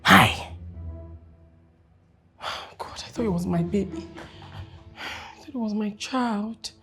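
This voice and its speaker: A woman's voice: medium pitch, slow, bright, forceful tone, soft background music. An actress playing a protective mother who questions insistently. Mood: longing. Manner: demanding, insistent. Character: anxious mother, middle-aged, protective.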